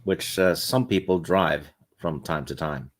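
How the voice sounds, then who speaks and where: A man from Norway whose first language is Norwegian, co-hosting a podcast. He speaks in a dry, low-key way with brief remarks. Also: measured pace. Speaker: podcast co-host. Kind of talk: casual chat.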